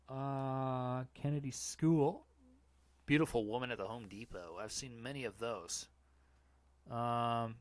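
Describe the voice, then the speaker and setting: A man's voice: mid-range voice, fairly bright tone, no room sound. A man hosting a podcast, reading online posts aloud in a casual, mocking, profane way. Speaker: podcast host.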